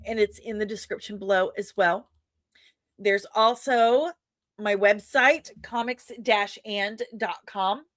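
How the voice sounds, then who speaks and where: A woman's voice: mid-range voice, fairly bright tone, dry recording, studio quality. A woman hosting a podcast in casual chat, rambling and self-deprecating with many fillers. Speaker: podcast host and comic creator.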